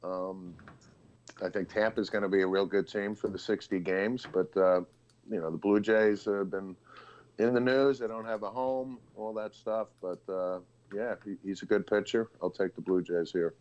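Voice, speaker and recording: A low-voiced man sits on a sports betting panel. He gives his picks in a casual, agreeable way. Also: steady tone, normal speed, a little mellow, muffled recording.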